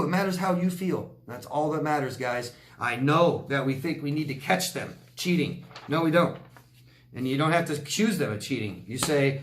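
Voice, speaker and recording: A man's voice: a little high, normal speed, roomy sound. A man giving blunt relationship advice as a coach, answering viewer questions and acting out quoted people. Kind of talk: Q&A advice talk.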